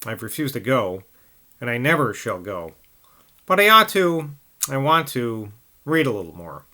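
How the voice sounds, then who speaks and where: A man voicing an earnest young man who speaks politely and haltingly, in a novel reading. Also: mid-range voice, big pitch swings, pushed and bright, full character voice.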